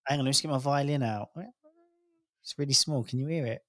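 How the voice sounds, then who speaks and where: A man's voice: medium pitch, fast, a bit bright, no room sound. Teasing British man, dry close sound. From Britain. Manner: teasing, banter, calls people mate. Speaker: podcast co-host. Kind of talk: casual chat.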